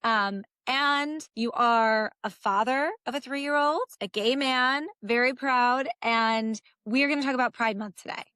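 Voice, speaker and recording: A woman hosting a podcast chat, with a squeaky voice and an upbeat, enthusiastic way of talking. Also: a little slow, few pauses, bright, forceful tone, clean tone, dry recording. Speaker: podcast host. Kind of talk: casual chat.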